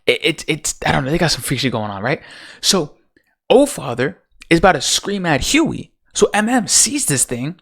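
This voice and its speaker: Man, ranting commentator, swears a lot, rises and falls a lot in pitch, exasperated. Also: very animated, moderate pace, creaky, a bit bright. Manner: profane, exasperated, rhetorical. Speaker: TV show commentator.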